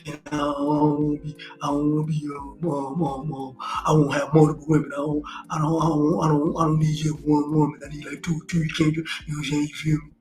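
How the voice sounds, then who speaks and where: A man's voice: fairly high pitch, completely flat delivery, quick pace, hardly any pauses, a little mellow, faint music behind, close to an everyday voice, rough recording. A man putting on the voice of a boastful man in his mid-thirties who poses as a player, with a laid-back drawl and repeated filler phrases.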